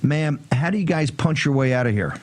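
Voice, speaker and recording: A man hosting a political talk show, speaking forcefully in short punchy bursts. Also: on the high side, lively intonation, fairly quick. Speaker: host.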